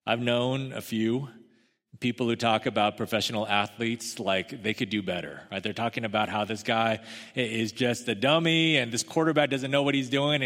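Young male pastor, mid-pitched, chatty emphatic sermon, long hall echo. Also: fairly even intonation, moderate pace, fairly bright tone. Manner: conversational preaching, emphatic, with asides to the congregation.

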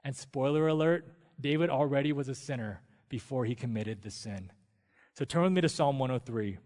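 A man preaching a sermon as a pastor, telling stories in a relaxed, conversational way. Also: mid-range voice, moderate pace. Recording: long reverb of a church hall.

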